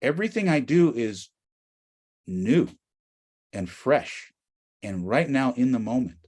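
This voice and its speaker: A middle-aged man with an American accent, giving an animated storytelling talk as a guest speaker. He swings from quiet asides to near-shouts. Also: mid-range voice, takes it slowly, slightly rough. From United States.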